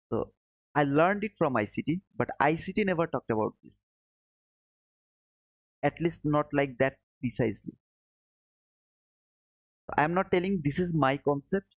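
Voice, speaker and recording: A man with a non-native English accent talks casually on a live stream, patiently repeating his points and calling out viewers in chat. His mid-pitched voice is recorded close and dry, with slightly dull, muffled audio. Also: no room sound. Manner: explains slowly, repeats points, answers chat by name. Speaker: livestream trading host.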